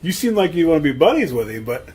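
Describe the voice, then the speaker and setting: A man co-hosting a podcast in casual chat, easygoing and a little hesitant, quick to laugh. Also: fairly high pitch, very animated, a crowd in the background. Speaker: podcast co-host.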